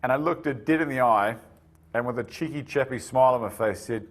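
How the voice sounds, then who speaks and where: Man, podcast host, animated storyteller, casual chat. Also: mid-range voice, a little fast.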